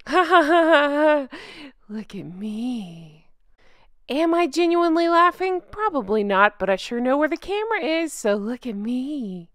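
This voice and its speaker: A woman hosting a sarcastic, mocking first-person commentary, snarky with drawn-out catchphrases. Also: on the high side, no echo, studio quality. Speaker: commentary channel host.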